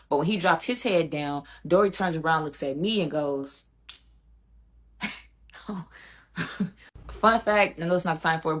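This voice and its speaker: Brief: storytime vlogger, low-voiced woman, animated and chatty with her viewers. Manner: animated, addresses viewers directly. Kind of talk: casual storytime.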